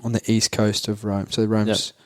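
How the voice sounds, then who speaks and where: Australian man, twenties, rambly interview guest; low and monotone, dry studio sound. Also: normal speed, no echo. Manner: rambling, frequent fillers and restarts. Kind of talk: casual interview chat.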